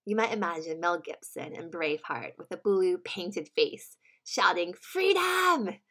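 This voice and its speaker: A woman giving a sermon in an earnest, measured teaching manner. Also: on the low side. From United States. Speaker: preacher.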